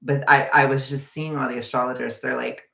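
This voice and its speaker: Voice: mid-range voice, level tone, fairly quick, creaky, fairly bright tone, reverberant. A vlogger ranting in a casual, profane, exasperated way.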